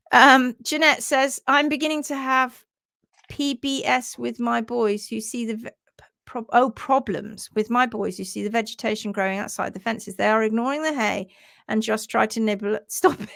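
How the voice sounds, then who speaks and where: A woman hosting a casual live stream about horse care, chatting and reading out viewer comments in a lively, animated way. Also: a little high, vocal fry, dry recording, clean studio sound. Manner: chatty and animated, laughs easily, acts out quotes in funny voices.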